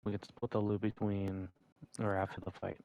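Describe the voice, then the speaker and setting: A solemn party leader with a lowish voice, as a man speaks for him, choosing his words stiffly and earnestly. His speech is formal and careful, in a tabletop role-play game. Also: monotone, normal speed, warm tone, highs cut off, natural voice.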